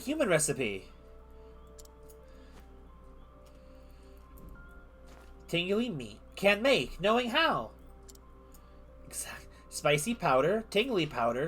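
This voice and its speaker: A man plays a young beastling boy from a fantasy game, a simple and eager creature who speaks only in short, clipped fragments. His pitch swings widely from word to word, and soft game music plays underneath. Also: big pitch swings, unhurried, exaggerated voice. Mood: excited. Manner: broken, clipped baby-talk phrases.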